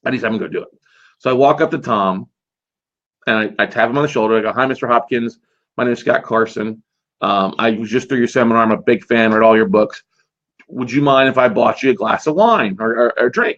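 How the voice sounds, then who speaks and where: Male podcast host, energetic storyteller, mid-pitched, slightly muffled recording. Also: fairly quick. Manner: energetic, animated storyteller acting out quotes. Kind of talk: casual storytelling. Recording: slightly dull lo-fi audio.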